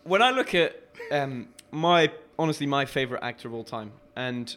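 A man's voice: medium pitch, animated, normal speed, a bit bright, soft background music. A young man with a New Zealand accent, chatting enthusiastically and rambling with fillers. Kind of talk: casual chat.

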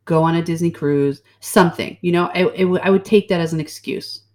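A woman's voice: lowish voice, brisk. A woman co-hosting a casual podcast chat, joking and swearing as she talks. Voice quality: animated, jokey, swears casually. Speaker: podcast co-host.

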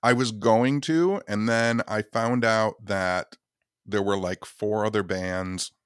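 Low-voiced easygoing man, dry sound. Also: takes it slowly, clean tone, no room sound. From Michigan. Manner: relaxed, easygoing, keeps his voice low in the chest. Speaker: guest. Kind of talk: casual chat.

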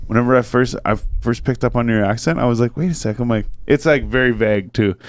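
A man's voice: mid-range voice, fairly even intonation, quick pace, no echo. A man from Ontario in a casual chat, rambling through stories with lots of "like" fillers and frequent swearing. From Ontario, Canada.

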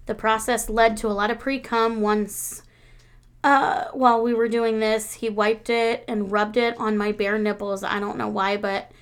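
A woman's voice: medium pitch, unhurried, smooth. A woman in her thirties co-hosting a casual chat, telling frank stories with lots of laughter. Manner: frank, laughing, animated storytelling. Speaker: podcast co-host.

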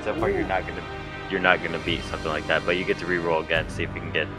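A man playing in a tabletop game, joking and lively. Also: low-pitched, rapid-fire, music in the background. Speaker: player. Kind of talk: casual game chat.

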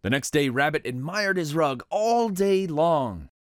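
A storybook narrator reading a children's picture book aloud with expressive delivery. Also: medium pitch, unhurried, no room sound, studio quality.

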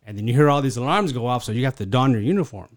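A man's voice: mid-range voice, animated, rapid-fire. A middle-aged man, a podcast guest, telling rambling stories in easygoing casual chat. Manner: laid-back, rambling storyteller.

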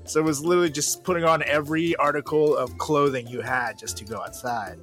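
A man's voice: a little high, fairly quick, fairly bright tone, faint music behind. A young man co-hosting a podcast in casual chat, joking and laughing, often mimicking other voices. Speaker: podcast co-host.

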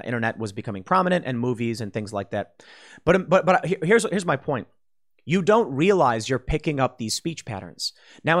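A man talks through a political commentary monologue. His pitch sits in the middle of the male range. He rambles and restarts often, with plenty of fillers. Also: a bit bright. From Chicago. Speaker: commentary host.

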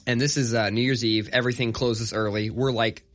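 Man, thirties, casual podcast chat, animated storyteller, swears a lot. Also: mid-range voice, a little fast. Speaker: podcast co-host.

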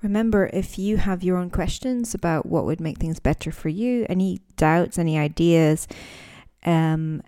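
A woman with a low, mellow voice gives an unscripted podcast lesson on speaking English. She talks thoughtfully, pausing to search for words and often restarting her sentences. She sounds warm and unhurried, like a teacher explaining from experience. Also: clean tone.

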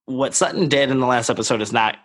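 A man co-hosting a casual podcast, recapping reality TV in an animated way and often laughing. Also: mid-range voice, fast. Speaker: podcast co-host.

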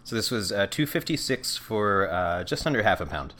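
A man from New York co-hosting a podcast in casual chat, goofy and prone to loud outbursts. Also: lowish voice, big pitch swings, moderate pace. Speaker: podcast co-host.

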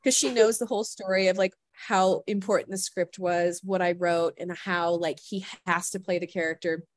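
A woman guest on a podcast telling a story in casual chat, animated and full of "like" fillers, acting out what people said. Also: on the low side, moderate pace, no room sound. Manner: animated storyteller, heavy "like" fillers, acts out quotes.

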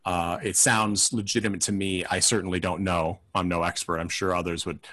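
A man's voice: low voice, flat delivery, normal speed, sharp tone. A man co-hosting a casual film podcast, talking in a thoughtful, rambling, hedging way. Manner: acts out mock quotes in silly voices.

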